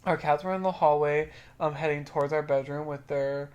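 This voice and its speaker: A woman's voice: low-pitched, fairly even intonation, fairly quick, a little mellow, clear, resonant tone, muffled recording. A woman, co-hosting a podcast, chatting casually and reading spooky stories aloud, swearing now and then. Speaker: podcast co-host.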